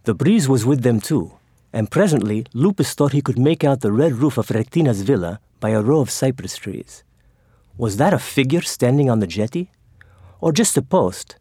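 Here a man reads an audiobook with expressive, story-driven delivery at a moderate pace. His mid-range voice is slightly rough, and the dry recording has clean studio sound.

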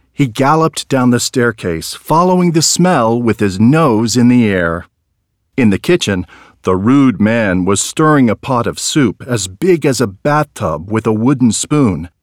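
A man narrating a storybook tale in a slow, expressive reading. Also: medium pitch, dry recording, studio quality.

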